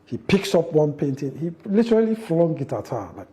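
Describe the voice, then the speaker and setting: Animated father, bright voice. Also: on the high side, fairly quick. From Nigeria. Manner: animated storytelling, acts out quotes, frequent restarts. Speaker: interview guest, father. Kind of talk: storytelling in an interview.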